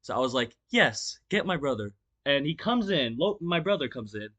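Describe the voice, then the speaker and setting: A man's voice: medium pitch, big pitch swings, moderate pace, pushed and bright. A young man telling a storytime vlog in a casual, rambling way, with lots of fillers, restarts and swearing, acting the story out as he talks. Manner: acts out the story with gestures. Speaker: vlogger.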